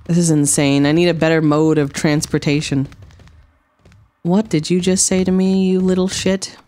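A woman's voice: sits low, steady tone, moderate pace, mellow, faint music behind. A woman streamer giving let's-play commentary, exclaiming and swearing at the game as she plays.

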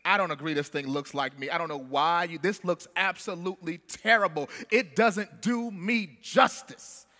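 A preacher voicing an indignant male traveler who complains loudly about his portrait. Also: high voice, moderate pace, few pauses, big-room sound. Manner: shouting complaints, insistent.

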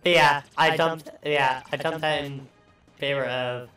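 A man's voice: fairly high pitch, fairly even intonation, measured pace, pushed and bright, recorded from a distance. A man hosting a let's play, joking and swearing through casual gameplay commentary. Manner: profane, rambling, joking. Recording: echoey room, voice off mic, faint music.

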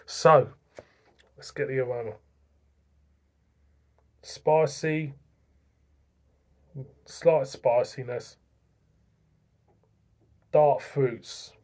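A man's voice: mid-range voice, darkish tone. A man reviewing beer in a chatty, self-mocking way, stumbling over foreign names. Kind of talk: casual beer review vlog.

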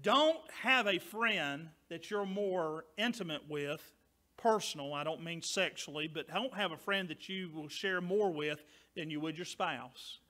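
With a high and very bright voice, this pastor delivers his sermon slightly slowly, pressing his points loudly and emphatically before easing into quieter remarks aimed at the congregation.

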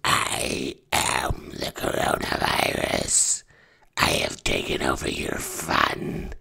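A man voicing a gloating coronavirus villain in a raspy, unvoiced whisper. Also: very deep voice, animated, slow pace, bright, forceful tone, voice pushed down, heavily acted. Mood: menacing.

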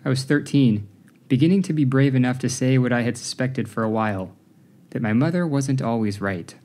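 A man reading an audiobook, narrating in a measured, even way. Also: medium pitch. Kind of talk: scripted narration.

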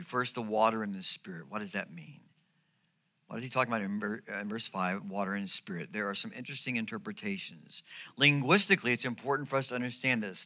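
A man's voice: medium pitch, bright, forceful tone. A male pastor preaching a sermon, emphatic and repetitive, at times dropping almost to a whisper. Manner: emphatic, repeats key phrases, drops to near whispers.

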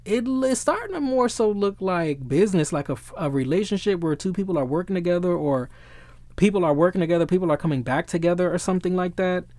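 A man giving a casual tarot reading who gets excitable, swears freely and often searches for the right word. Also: sits high, fast talker, no room sound. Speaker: tarot reader.

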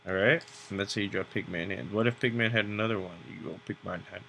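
Young male tutorial host, casual and jokey, with a low-ish gravelly voice. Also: fast talker, hardly any pauses, bright, forceful tone, slight background noise. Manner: rambling, joking, self-mocking. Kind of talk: casual narration while drawing.

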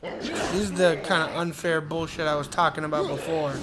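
A man giving let's-play gameplay commentary, frustrated and cursing with loud bursts of complaint. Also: fairly high pitch, fairly even intonation, normal speed, background noise. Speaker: gamer.

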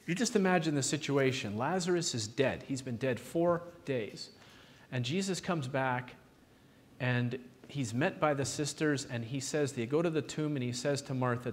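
A man preaching a sermon, retelling Bible stories with lively, animated delivery and quoting the figures in his own voice. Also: mid-range voice, moderate pace. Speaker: pastor. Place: church sanctuary. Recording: long hall reverb in a church.

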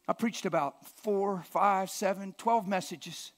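A man preaching a sermon in a church, emphatic and impassioned, sometimes shouting and sometimes dropping almost to a whisper. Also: sits high, slow pace, hardly any pauses.

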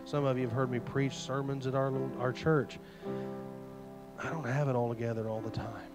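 A man's voice: medium pitch, fairly even intonation, a little fast, over loud music. A man, a youth pastor preaching an earnest, folksy sermon full of retold stories. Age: 40s.

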